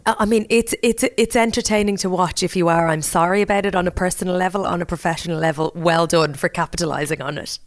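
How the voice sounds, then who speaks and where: A woman with an Irish accent hosting a podcast, chatting casually with playful, quick asides. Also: lowish voice, steady tone, dry recording. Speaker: podcast host. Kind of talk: casual chat.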